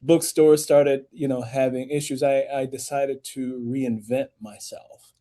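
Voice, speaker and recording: Animated storytelling man with a mellow voice. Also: a little slow. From United States. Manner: animated storyteller, rising emphatic pitch when making points. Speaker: author and audiobook narrator. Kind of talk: podcast interview guest.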